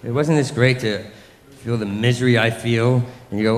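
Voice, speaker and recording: A man's voice: medium pitch, fairly even intonation, normal speed, in a large hall. A man doing a rambling, crude stand-up comedy set, full of sarcastic rants and mocking impressions.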